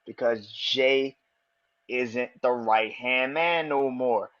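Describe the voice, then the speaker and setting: A man hosting a podcast, talking excitedly and with a lot of swearing, repeating his predictions for emphasis. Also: mid-range voice, takes it slowly, muffled recording, heavy background noise. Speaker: podcast host. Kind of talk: casual wrestling commentary.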